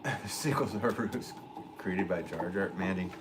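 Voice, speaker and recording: A man, a potter, chatting casually on a livestream and reading out viewer comments, relaxed and joking, with frequent chuckles. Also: low voice, unhurried, noisy background. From northwest Connecticut. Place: pottery studio.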